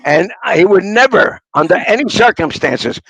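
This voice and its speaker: An older man spins long anecdotes in a rambling raconteur's way, building to punchlines. His voice is gravelly and sits a little high. The sound is dry and close. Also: animated, normal speed, pushed and bright, no echo, rough recording. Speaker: interviewee, author. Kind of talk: anecdotal storytelling.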